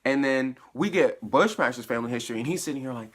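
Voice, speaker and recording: A man giving a casual spoiler recap of a TV episode, chatty and slangy, with sudden bursts of excitement as he retells scenes. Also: mid-range voice, quick pace, few pauses. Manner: laughs and uses slang while recapping. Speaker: TV episode reviewer.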